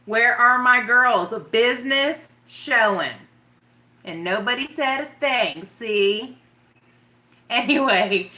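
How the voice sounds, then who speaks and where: A woman's voice: medium pitch, pushed and bright. A woman chatting casually and rambling on a live makeup stream, giggling and talking straight to her viewers. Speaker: makeup vlogger.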